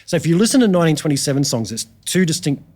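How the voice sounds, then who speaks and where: A man's voice: on the high side, sing-song, rapid-fire, darkish tone. Australian man, guest guitarist, easygoing anecdote-teller, loose and slangy, full of ums. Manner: laid-back, slangy, many ums and restarts. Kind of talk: casual podcast storytelling.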